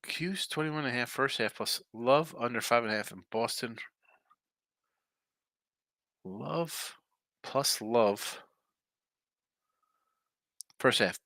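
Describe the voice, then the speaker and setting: A man speaks slowly with long pauses, his mid-range voice pushed and bright, on a dry recording. Hosting a sports betting podcast as a casual live stream, he's tired and yawning as he rambles, reading viewer messages aloud and replying.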